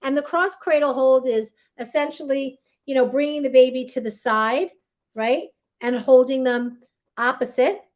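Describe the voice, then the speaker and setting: A woman's voice: high voice, steady tone, normal speed. A woman teaching a baby care class, explaining step by step and checking in with her listeners through frequent tag questions as she demonstrates. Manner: demonstrates holds while talking.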